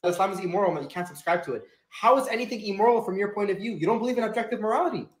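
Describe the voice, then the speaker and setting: A man's voice: high voice, very fast, roomy sound. A man in a played clip, challenging someone with pointed questions. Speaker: religious TikToker.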